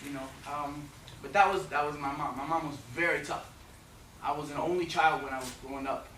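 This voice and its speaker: A man from Newfoundland, Canada, giving an energetic, joking talk to an audience in a university hall. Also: on the high side, fairly quick. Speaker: guest speaker. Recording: echoey hall, far from mic, noisy.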